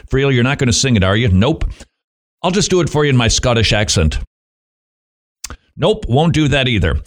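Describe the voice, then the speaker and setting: Animated man giving wry devotional talk. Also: mid-range voice, normal speed, long pauses. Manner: animated, with wry self-mocking asides and rhetorical questions. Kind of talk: devotional commentary.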